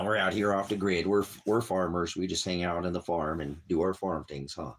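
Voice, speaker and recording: Speaking from a small, hot cabin on an off-grid farm, this man has a low, breathy voice and a fairly even intonation, moving at a moderate pace with hardly any pauses. He coughs now and then as he rambles through casual livestream chat. Every so often he turns to coo at his dog in baby-talk.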